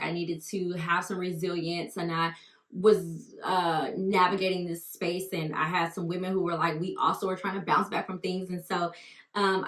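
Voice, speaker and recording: A woman's voice: on the low side, a bit bright, echoey room. A woman telling her faith story in an earnest, reflective way, with many fillers and restarts. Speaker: faith-based speaker and mom. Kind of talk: personal testimony talk.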